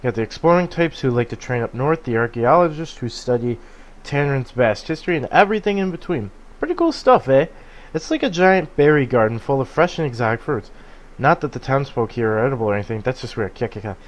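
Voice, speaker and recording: A man voicing a smug, fashion-proud male duck creature who loves pranks and teases fast, reading game dialogue aloud. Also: mid-range voice, animated, lightly acted. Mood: boastful. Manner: fast, smug teasing with cackling laugh.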